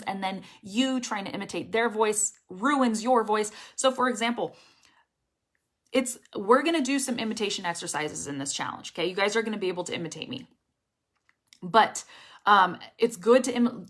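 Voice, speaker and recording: A young adult woman teaching an online English pronunciation lesson, lively and encouraging, often checking in with the viewer. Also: mid-range voice.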